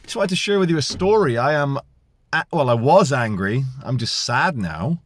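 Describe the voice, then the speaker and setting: A man in his forties with a Canadian accent, telling a story to camera in a casual, animated way and acting out the people he quotes. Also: mid-range voice, moderate pace, dry recording, clean studio sound. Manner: animated, acts out quoted voices, many restarts. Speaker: vlogger.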